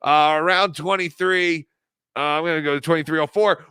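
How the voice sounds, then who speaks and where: A man's voice: on the high side, fairly even intonation, normal speed, sharp tone, smooth, no room sound. A man hosting a casual live show, talking over clips in a mocking, joking way. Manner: mocking, puts on silly voices for laughs. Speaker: host.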